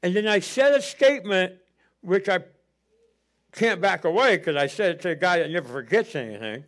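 A middle-aged male pastor delivering a sermon in a notably high voice. He talks through a personal story with fervor and builds to near shouting at the height of his points. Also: lively intonation, moderate pace.

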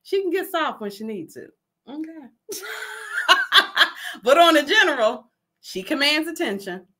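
A woman's voice: sits high, unhurried. A middle-aged woman from New Jersey hosts a casual motivational talk. She is folksy and emphatic, asks "okay?" often and laughs a lot. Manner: laughs often, lively asides; says her voice carries and commands attention. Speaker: host.

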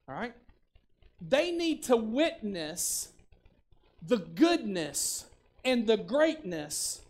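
A man preaching a sermon as pastor, conversational, often repeating words and building up to shouted lines. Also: very high voice.

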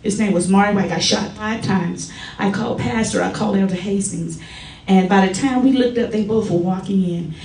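A middle-aged woman giving a personal testimony at a church service, telling stories in a lively way and acting out the quotes. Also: mid-range voice, normal speed, vocal fry. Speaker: church member giving a tribute. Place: church sanctuary. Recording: echoey church from far off.

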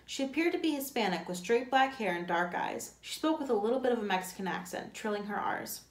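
A woman's voice: on the high side, animated, a little fast. A woman, a teacher, reading a novel aloud, with occasional slips and self-corrections. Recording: echoey room.

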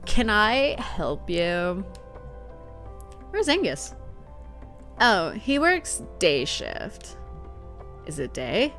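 A woman voicing a drowsy, slow-talking young man who makes every line sound like a question. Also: mid-range voice, very animated, a bit bright, faint music behind, exaggerated voice. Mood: sleepy.

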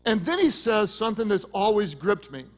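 A man preaching a sermon as pastor, swinging from loud emphasis to hushed intensity and telling stories with quick asides. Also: high voice, very animated, big-room sound.

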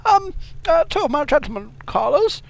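Brief: a man doing a crabby old dad, very high and gravelly, deadpan, for improvised game commentary. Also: moderate pace, heavily acted. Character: cranky crude elderly father, gravelly and high. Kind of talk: improvised comedy gaming commentary.

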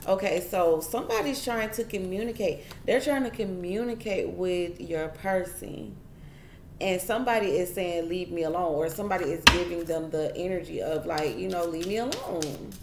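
A woman's voice: lowish voice, normal speed, roomy sound, slight background noise. A woman giving a casual tarot reading straight to her viewers, chatty and repeating herself as she goes. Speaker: tarot reader.

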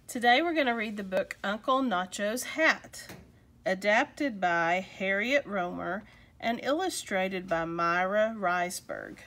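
A woman reading a picture book aloud to children, expressive and slowing for emphasis. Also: mid-range voice. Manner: warm, expressive, slows for emphasis. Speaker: children's story reader. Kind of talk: storybook read-aloud for kids.

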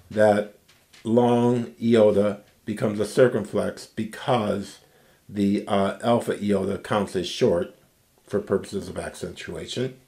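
A male teacher walks through a Greek grammar lecture, pausing often to ask "okay?". His voice sits low. He talks at an unhurried, deliberate pace. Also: fairly even intonation, vocal fry, dark tone. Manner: slow, patient explanation with frequent "okay?" checks. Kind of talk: recorded language lecture.

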